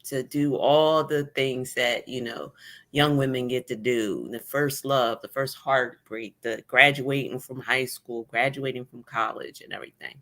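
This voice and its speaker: A woman with a notably low voice speaks candidly and with wry humor as a guest. She is middle-aged and talks in a casual conversation over a video call. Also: fairly even intonation, a little slow, fairly bright tone. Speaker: guest, cancer survivor blogger. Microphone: remote video call.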